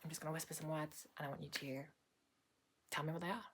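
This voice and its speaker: Low-voiced woman in whispered role-play. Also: fairly even intonation, slightly rough. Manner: soft-spoken and unhurried, with frequent hesitant "um"s. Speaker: ASMR creator playing a doctor. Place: small indoor home filming room.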